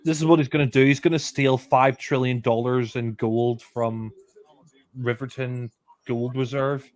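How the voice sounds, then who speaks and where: A man's voice: medium pitch, fairly even intonation, a little slow, dry recording. A man doing casual film commentary, blunt and offhand, often restarting sentences.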